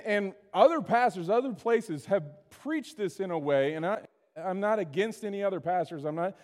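Male pastor, higher-pitched voice, chatty sermon delivery, big echoing sanctuary. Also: a little mellow. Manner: conversational preaching, frequent "right?" asides.

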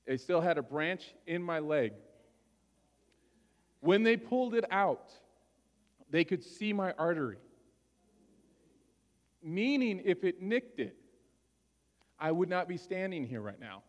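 Man, high voice, pastor preaching a sermon, chatty storytelling, long hall reverb. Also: very animated, slow pace, pauses often. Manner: conversational, often checks in with listeners.

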